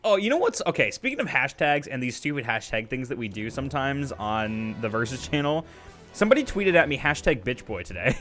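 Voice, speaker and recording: A man's voice: medium pitch, very animated, fairly quick, a bit bright, soft background music. A man co-hosting a casual gaming chat, teasing, swearing casually and laughing often. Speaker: co-host.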